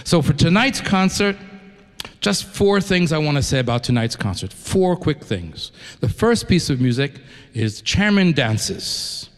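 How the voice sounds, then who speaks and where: A man from New York addresses a concert audience from the stage, his talk eager and loose, full of restarts. His voice sits a little high for a man. It rings out with the long reverb of a large concert hall. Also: sing-song, unhurried. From New York, United States. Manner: enthusiastic, conversational, with restarts. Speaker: orchestra conductor addressing the audience. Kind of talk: spoken introduction to a concert audience.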